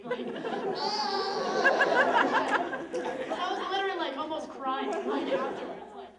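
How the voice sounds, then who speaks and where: A young woman telling a sarcastic, animated story on a live comedy stage, laughing often, recorded from a distance with a loud audience. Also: extremely high pitch, slow pace, echoey room, a crowd in the background. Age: young adult. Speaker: stand-up comedian. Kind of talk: stand-up storytelling.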